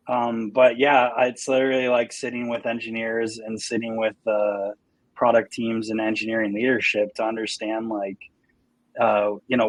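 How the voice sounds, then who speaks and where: A man's voice: lowish voice, dry recording, low-quality recording. Man on a panel, dry close sound. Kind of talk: casual panel discussion.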